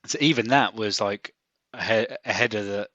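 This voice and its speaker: A man co-hosting a podcast in casual chat, pausing often with ums and restarts. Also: on the low side, bright, forceful tone, no echo, dull audio. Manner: hesitant, many ums and restarts. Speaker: podcast co-host. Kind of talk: casual chat about fantasy football.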